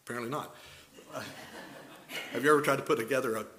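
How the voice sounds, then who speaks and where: An older man delivers a sermon at an even, middle pitch. He speaks as a pastor, working through scripture with folksy stories and rhetorical questions to his listeners. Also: quick pace, background noise.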